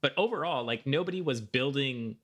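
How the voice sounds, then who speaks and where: A man's voice: medium pitch, expressive, fairly quick, fairly bright tone. A man co-hosting a movie podcast, laid-back and rambling with plenty of fillers. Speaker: podcast co-host. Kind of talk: casual movie-review chat.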